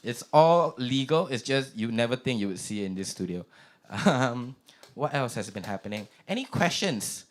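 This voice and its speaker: A man's voice: medium pitch, very animated, normal speed. A young man with a Singaporean accent hosting an open mic, chatty and self-mocking. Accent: Singaporean English. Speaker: comedy open mic host. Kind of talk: stand-up comedy.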